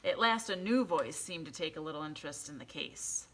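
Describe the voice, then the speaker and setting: A woman reading a children's book aloud in an expressive, animated storytelling way. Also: low-pitched, brisk. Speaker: reader.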